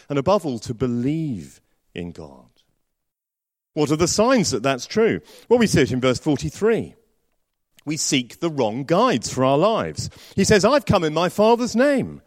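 Lively-voiced male preacher. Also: fairly high pitch, dry recording. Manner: storytelling with varied, lively delivery. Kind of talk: sermon.

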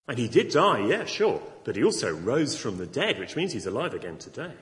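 A man's voice: mid-range voice, huge pitch swings, a little fast, hardly any pauses. Middle-aged guy preaching at a christmas service, earnest and chatty, voice goes up and down a lot, long hall echo. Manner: earnest, conversational, acts out imagined objections. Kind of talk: evangelistic Christmas sermon. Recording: long reverb of a large hall.

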